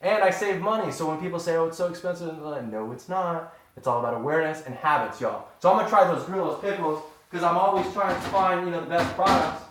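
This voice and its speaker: A man's voice: fairly high pitch, fast talker, hardly any pauses, slight background noise. A man talking in a casual, rambling live-stream chat with his viewers, showing off groceries and homemade pickles in a kitchen. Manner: animated, rambling, addresses viewers as y'all. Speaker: vlogger. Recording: echoey room.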